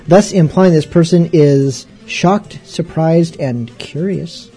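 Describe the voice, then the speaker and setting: A man's voice: a little high, takes it slowly, few pauses, mellow, husky, soft background music. A male radio show host chatting casually between songs, rambling and wry, often poking fun at himself. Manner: rambling, wry and self-mocking.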